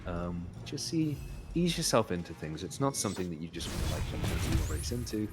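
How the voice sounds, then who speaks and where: With a deep voice, big pitch swings and a brisk pace, a British-accented man joins a co-op game session as a guest streamer. His casual gaming talk is chatty and jokey, with rambling tangents, and game music runs underneath.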